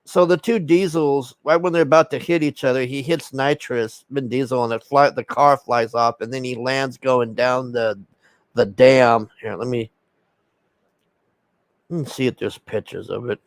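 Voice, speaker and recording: A man's voice: medium pitch, fairly even intonation, normal speed, no room sound. A man casually recapping a film's plot in a rambling, profane way, acting out the characters' lines. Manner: rambling and profane, with many fillers and acted-out quotes. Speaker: film reviewer.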